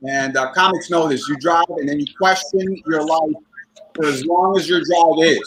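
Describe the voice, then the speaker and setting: A somewhat high-voiced man doing a rambling stand-up set from home over a computer microphone. He swears freely and keeps breaking into laughter at his own lines. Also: moderate pace, fairly bright tone, a little hiss or hum, poor audio. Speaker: stand-up comedian. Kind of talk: stand-up set on a video call show. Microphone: computer microphone on a video call.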